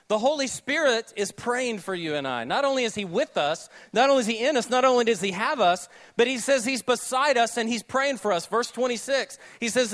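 A man preaching a sermon with a Southern US accent, joking with the congregation, then dropping to a hushed, slow delivery. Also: very high voice. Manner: animated, jokey asides, shifts between loud and hushed delivery. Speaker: pastor.

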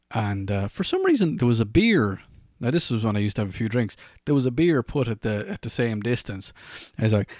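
Low-voiced Irish man telling stories. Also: sing-song, quick pace, darkish tone, dry recording, clean studio sound. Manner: rambling, laughing at his own stories. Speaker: podcast host. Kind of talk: casual anecdotal storytelling.

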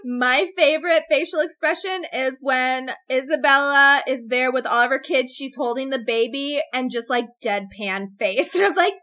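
High bright-voiced woman, giggly, gushing about a movie. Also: moderate pace, hardly any pauses. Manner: giggly, animated, acts out characters. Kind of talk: casual movie chat.

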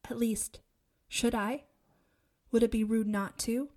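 An anxious teenage girl, earnest and unsure of herself, as a woman reads her in a storybook. Her voice lifts higher than the narration and wavers with hesitation. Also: fairly even intonation, takes it slowly, a little mellow.

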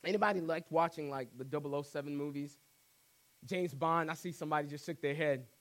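A man preaching a sermon, animated and conversational, acting out quotes and cracking jokes. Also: a little high, fairly quick. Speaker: pastor.

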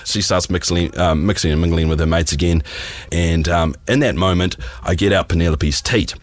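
A man in his thirties tells a rambling anecdote on a podcast in a slightly low voice. He laughs through the telling and keeps circling back with fillers. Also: moderate pace. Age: 30s. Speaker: guest storyteller.

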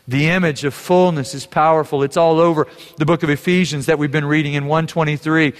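Male pastor, earnest sermon delivery, slightly high-pitched, reverberant sanctuary sound. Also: steady tone, fairly quick. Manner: earnest preaching, rising to fervent emphasis. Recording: long hall reverb.

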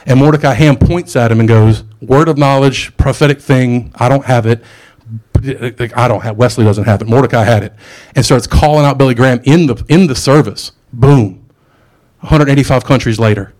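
A man's voice: mid-range voice, fairly quick, a little mellow. A middle-aged man preaching a sermon in a casual, conversational way, with asides and jokes.

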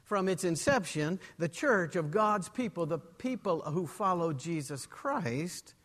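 Male pastor giving a sermon, kinda high voice, long church echo. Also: fairly bright tone.

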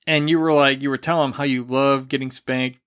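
A man who grew up Catholic co-hosts a podcast and casually tells a racy story, laughing and acting out the quotes. His voice sits at medium pitch with a clean tone, and he talks a little fast in an animated way.

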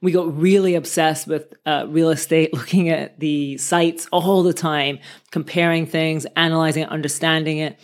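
A woman's voice: sits low, steady tone, normal speed. Earnest woman sharing filmmaking advice. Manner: earnest and conversational, piles up questions. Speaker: filmmaker and author giving advice. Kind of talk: motivational talk to viewers.

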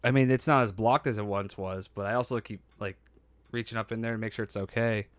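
A man's voice: on the low side, steady tone, a little fast, no room sound. A man casually telling a story on a podcast, acting out quotes and laughing often, a bit nasal from a hurt nose.

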